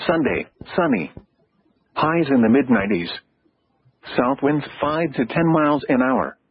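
A computer-generated man's voice reads an automated weather broadcast, gravelly and a little husky. It moves in clipped, evenly paced phrases and leaps abruptly in pitch on single words. The sound is dull and lo-fi, as if caught off a weather radio set. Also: very animated, a little slow. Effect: synthetic computer voice.

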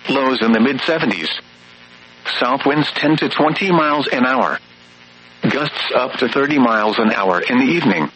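A man's voice: medium pitch, moderate pace, fairly bright tone, slight background noise, poor audio. A synthetic male voice giving an automated weather radio readout, listing readings and forecasts in clipped, evenly paced phrases.

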